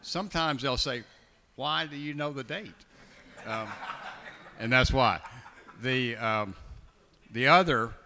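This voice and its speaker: An older man on a panel, a collector telling stories in a slow, wry, unhurried way. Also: mid-range voice, sharp tone, slight background noise. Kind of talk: storytelling on a panel. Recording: long hall reverb.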